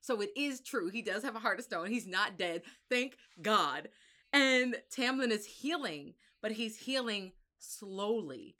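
A woman's voice: medium pitch, lively intonation, measured pace, pushed and bright. A young woman co-hosting a book chat, recapping the plot in a casual, profane way. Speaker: book discussion co-host.

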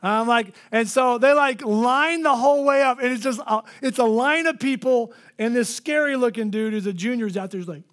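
Man, pastor, high voice, animated sermon storytelling, acts out the people in his story. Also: normal speed, hardly any pauses. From Florida.

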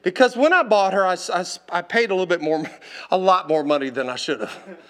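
High, bright-voiced preacher telling a story. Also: male voice, brisk. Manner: animated, laughing, calls out to the congregation. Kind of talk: storytelling sermon.

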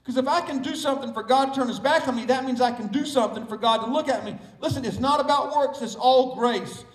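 Southern male pastor, very high voice, emphatic sermon, echoing church room. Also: fast. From Southern United States. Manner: emphatic preaching with repeated key words. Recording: echoey room, mic far off.

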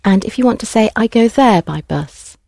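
Patient woman language teacher, mellow voice. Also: on the high side, lively intonation, normal speed, dry recording, studio quality. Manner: clear, patient prompting of students. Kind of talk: classroom instruction.

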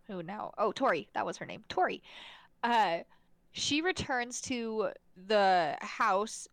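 A woman's voice: medium pitch, no echo. Chatty woman recapping a movie, dry mic. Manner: chatty, laughs often, many fillers and restarts. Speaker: podcast co-host. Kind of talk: casual chat reviewing a movie.

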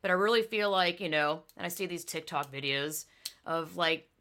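Woman podcast host, bright forceful tone, fast heated casual chat with frequent swearing. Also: deep voice. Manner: fast, emphatic, swears freely, acts out quoted people.

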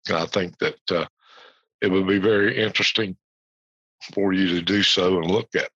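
A man hosts an educational podcast in an unhurried, rambling way, full of "uh"s and restarts. His voice is bright and forward, set a little low. The recording is dry and dull, like a lo-fi home setup. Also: fairly even intonation, slightly rough, dry recording. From United States. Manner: rambling, frequent fillers, reads quotes aloud. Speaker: podcast host. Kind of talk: informal educational talk.

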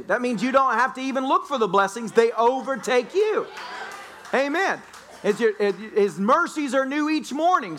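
A man preaching a lively sermon as pastor, laughing often and breaking into shouts. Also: very high voice. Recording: church sermon recording.

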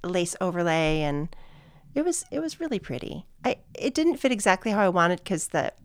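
A woman's voice: fairly low pitch, big pitch swings, moderate pace, no echo. Chatty middle-aged woman telling a story. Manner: chatty, warm, laughs often. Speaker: guest. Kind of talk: casual storytelling chat.

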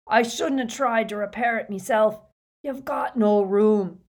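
Big loyal half-giant bellowing slow, drawn-out shouts, raised high and loud, voiced by a woman narrator. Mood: apologetic. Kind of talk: audiobook character reading.

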